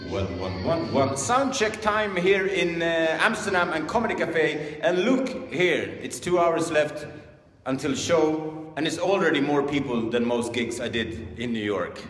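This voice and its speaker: A man's voice: on the high side, expressive, unhurried, a bit bright. A man from Sweden with a Swedish accent, speaking English as a second language in a chatty, self-mocking vlog and stand-up set. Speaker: stand-up comedian. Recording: echoey, distant, noisy ambience.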